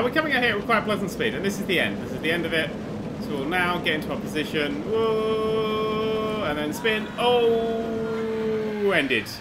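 A man running a gaming channel gives excitable let's-play commentary into a desk mic, laughing and swearing while he plays. His voice sits high, and the recording is very noisy.

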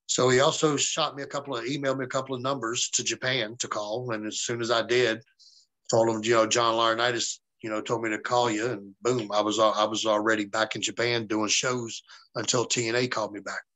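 A man in an interview tells stories bluntly and swears freely, slipping into the voices of people he quotes. His voice is bright and forceful at a middle pitch. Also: steady tone, fairly quick, low-quality recording. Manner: profane, blunt, quotes others in dialogue. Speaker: interview guest, former pro wrestler. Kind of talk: casual storytelling interview.

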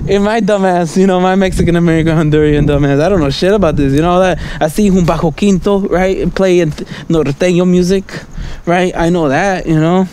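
A man with a high but mellow voice rambles through a casual monologue while walking outdoors at night. He keeps checking in with "right?" and "you know?" and chuckles between thoughts. Faint traffic hums behind him. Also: a little fast. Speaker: vlogger. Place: outdoors on a city street at night.

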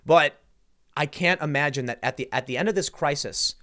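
A man hosting a casual political commentary show, talking in an animated, incredulous way with many restarts. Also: fairly high pitch, normal speed.

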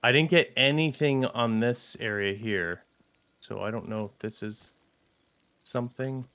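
A man's voice: medium pitch, sharp tone, no room sound. A man co-hosting a gaming channel, chatting casually during a zombie game and repeating short phrases. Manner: slow, laid-back, repeats short phrases. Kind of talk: casual gameplay chat.

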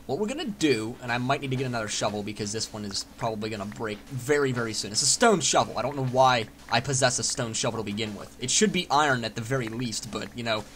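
Young man, gameplay commentary, lively animated pitch, faint hiss behind. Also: quick pace, few pauses. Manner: chatty, excitable, swears casually, talks to himself. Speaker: Minecraft let's player.

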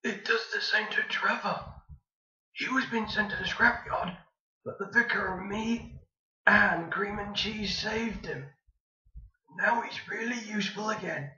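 A performer voicing a kindly older steam engine who speaks calmly and explains things. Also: medium pitch, measured pace, pauses often, recorded from a distance. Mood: reassuring. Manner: calm, explaining. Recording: roomy, dull, from the mic.

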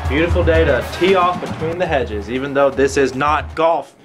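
A man's voice: a little high, moderate pace, over music. A young man making wry jokes as a co-commentator. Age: young adult. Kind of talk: comedic banter.

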